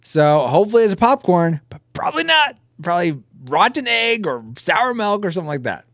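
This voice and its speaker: A man's voice: high-pitched, very animated, brisk, fairly bright tone, dry recording, clean studio sound. A man live-streaming while drawing pixel art, chatting casually and joking about himself to his viewers. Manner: chatty, self-mocking, talks to chat.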